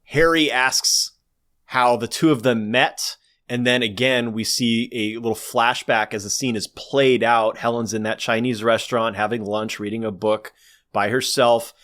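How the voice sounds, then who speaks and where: A man's voice: medium pitch, steady tone, unhurried, fairly bright tone. A man in casual conversation, eagerly summarizing a film's scenes and acting out lines. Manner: enthusiastic, breaks into narrated quotes. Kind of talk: casual movie recap chat.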